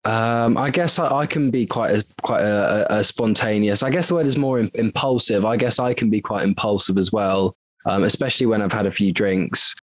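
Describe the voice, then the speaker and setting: A man's voice: fairly low pitch, normal speed, no room sound. A man who works as a voice actor, speaking hesitantly in a casual interview. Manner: hesitant, full of ums and restarts.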